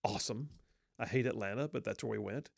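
A man's voice: lowish voice, fast talker, vocal fry, husky, no room sound, studio quality. A middle-aged man telling a humorous personal story in a wry, self-deprecating, folksy way.

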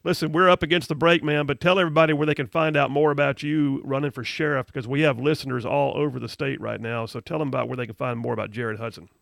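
A man's voice: medium pitch, fairly even intonation, fast, gravelly, few pauses, a bit bright, dry recording, clean studio sound. A man hosting a talk radio show, speaking in an emphatic, fired-up way.

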